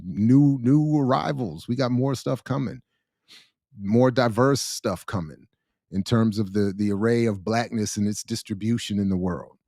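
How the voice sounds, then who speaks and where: A man hosting a casual livestream chat, animated and slangy, laughing often. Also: mid-range voice, creaky, no room sound, studio quality. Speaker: host.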